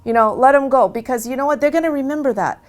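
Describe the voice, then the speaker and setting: A woman telling her own story in a casual, chatty way, animated, with many restarts and asides. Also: high-pitched, fast. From USA. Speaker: convert sharing her story. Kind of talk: casual testimony.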